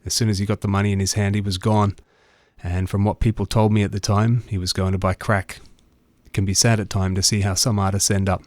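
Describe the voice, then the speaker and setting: An Australian man narrates a radio segment in an easygoing storytelling manner. His voice sits low. The recording is dry and close. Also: flat delivery, fairly quick, darkish tone, dry recording. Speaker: radio show host. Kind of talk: scripted narration.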